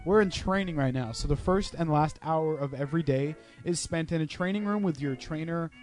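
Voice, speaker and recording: A man's voice: on the high side, fairly quick, a little mellow, soft background music. A young man hosting a casual chat among friends, profane and teasing, telling a story and putting on voices. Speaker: podcast host.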